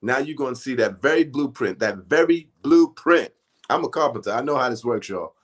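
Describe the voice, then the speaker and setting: A man's voice: mid-range voice, expressive, fast. A man teaching spiritual affirmations in a conversational, emphatic way, often chanting decrees over and over. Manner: conversational, frequent restarts and "right?".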